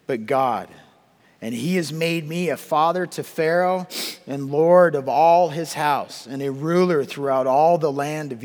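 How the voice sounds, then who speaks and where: A man's voice: a little high, in a large hall. A man preaching a sermon and reading scripture aloud, often repeating words and putting questions to his listeners. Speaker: pastor.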